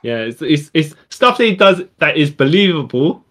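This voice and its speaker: A man's voice: a little high, big pitch swings, normal speed, a bit bright. A man co-hosting a casual podcast, rambling and restarting his sentences often. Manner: rambling, restarts a lot, says yeah often. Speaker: podcast co-host. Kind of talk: casual chat.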